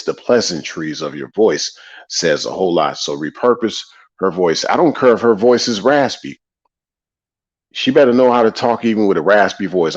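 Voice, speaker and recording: A man hosting a casual livestream monologue, preachy and repetitive, greeting viewers in the chat between points. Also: low voice. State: tired after a long day. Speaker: livestream host. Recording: slightly dull lo-fi audio.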